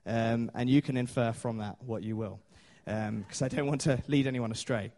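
A man's voice: medium pitch, steady tone, moderate pace, dark tone. A man preaching a sermon in a chatty storytelling way, with many fillers and small laughs.

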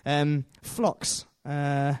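A man's voice: a little high, completely flat delivery, extremely slow, a little mellow, clear, resonant tone, no room sound, studio quality. A man preaching a sermon in a chatty way, with self-deprecating jokes and frequent fillers.

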